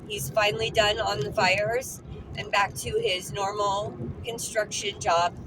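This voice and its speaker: A woman's voice: medium pitch, steady tone, a little slow. A woman talking heartfelt and earnest in a personal vlog while driving, repeating words for emphasis. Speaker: vlogger. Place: in a car, driving. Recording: phone recording with clear car noise. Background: car and road noise.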